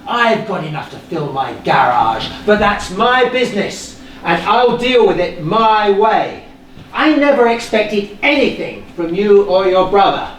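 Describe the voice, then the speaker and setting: An actor playing a middle-aged estranged father on a live stage, defensive and stern with halting restarts. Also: high-pitched, slight background noise. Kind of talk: live stage play acting. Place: theater stage. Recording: echoey stage from far off, faint ambience.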